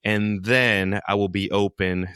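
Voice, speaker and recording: Bright-voiced, joking podcast host. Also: male voice, fairly low pitch, fairly even intonation, a little slow, clean tone, no room sound, studio quality. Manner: candid and joking, with crude humor. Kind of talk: casual podcast conversation.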